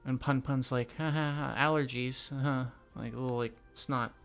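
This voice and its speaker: A man's voice: medium pitch, steady tone, moderate pace, creaky, fairly bright tone, soft background music. A young man casually reading and reacting to a manga, swearing and laughing in slang.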